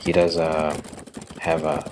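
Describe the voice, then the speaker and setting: A young man telling a story in a soft-spoken ASMR style, casual and rambling with fillers. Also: rumbling low, flat delivery, slow, background noise. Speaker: ASMR creator. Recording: keyboard clicking and typing sounds behind.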